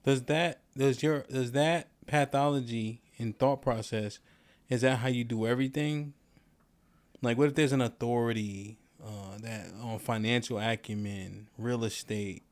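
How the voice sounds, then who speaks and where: A man hosting a podcast discussion, asking probing questions with halting restarts. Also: mid-range voice, fairly even intonation. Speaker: podcast host. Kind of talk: casual discussion.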